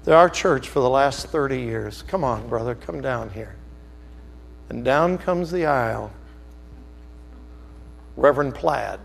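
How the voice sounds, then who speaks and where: A man preaching a sermon as a story, animated, swinging from loud outbursts to hushed, slow emphasis. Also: medium pitch, creaky, big-room sound.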